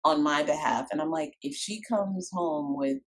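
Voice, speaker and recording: A middle-aged woman, a guest coach, chatting on a podcast and telling stories with animated acted-out dialogue. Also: deep voice, normal speed, breathy edge, rough recording. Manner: animated storytelling, acts out quoted dialogue. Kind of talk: casual podcast chat.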